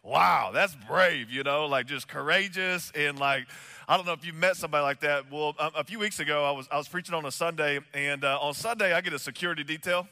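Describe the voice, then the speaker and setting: A high-pitched man preaches with a bright, sharp tone, chatty and full of fillers. His voice carries a long reverb through a big church hall. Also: fast. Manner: animated, chatty, many fillers. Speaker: pastor. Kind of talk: sermon with storytelling.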